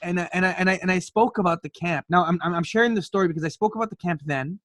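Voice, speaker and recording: Canadian guy, twenties, podcast guest. Animated storyteller, repeats words, slightly high voice, dry close sound. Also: fast, dry recording. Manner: animated, repeats words when starting sentences. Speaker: podcast guest, youth speaker. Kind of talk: storytelling in conversation.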